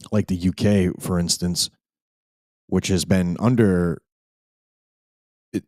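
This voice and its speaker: A man's voice: deep voice, darkish tone, no room sound. A man hosting a live podcast, rambling and emphatic, with frequent restarts. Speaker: podcast host.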